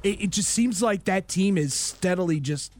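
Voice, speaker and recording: A man on a sports show panel talking in casual chat, sarcastic and a bit halting. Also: sits high, darkish tone.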